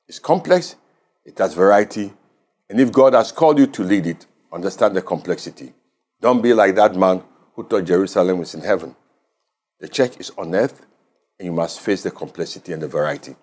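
A man with a Ghanaian English accent preaching a radio sermon as pastor, measured and emphatic, leaning on key words. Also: low-pitched, animated, darkish tone.

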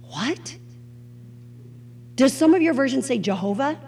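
High, animated woman teaching Bible study. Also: slight background noise, low-quality recording. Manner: expressive and conversational, asks the audience questions.

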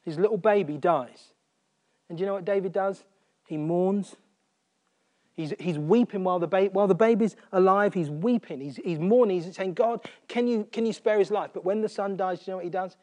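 A man preaches a sermon earnestly in a high-pitched, brisk voice. He repeats phrases for emphasis and drops almost to a whisper on quiet points.

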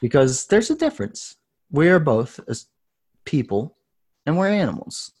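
Man in his thirties, mellow low-key tone, earnest and intense guest storyteller. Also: big pitch swings, moderate pace, slightly rough. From United States. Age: 30s. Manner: earnest, intense, rising to loud passion. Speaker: podcast guest. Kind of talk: casual storytelling.

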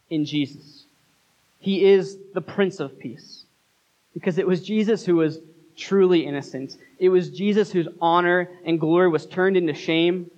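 A man preaching a sermon as pastor, earnest, with dramatic pauses. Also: a little high, darkish tone, highs cut off.

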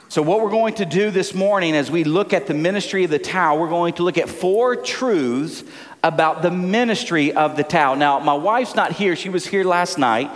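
A man in his forties with a Southern US accent, preaching a sermon as a pastor, animated and joking, often repeating words as he goes. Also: high voice, moderate pace. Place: church sanctuary. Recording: long hall reverb.

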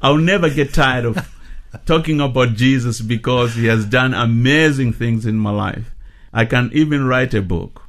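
A middle-aged man from South Africa, a ministry leader giving earnest, measured testimony in a radio interview. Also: medium pitch.

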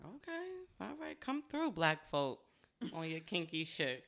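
A young woman co-hosting a podcast in casual chat, animated and laughing often as she acts out stories. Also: low-pitched, a little slow. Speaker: podcast co-host.

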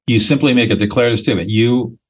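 A man's voice: mid-range voice, fast, darkish tone, highs cut off. A man speaking as a guest expert in a podcast interview, explaining in a blunt, emphatic, lecturing way with short declarative statements.

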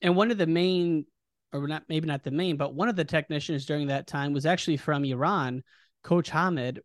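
High-voiced male interviewer, dry sound. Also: normal speed, no echo. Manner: short reactive interjections and questions. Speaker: interview host. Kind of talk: casual interview.

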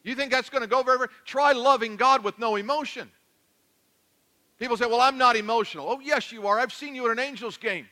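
A male pastor preaching a sermon, animated and joking, swinging between loud declarations and hushed asides. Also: very high voice, brisk.

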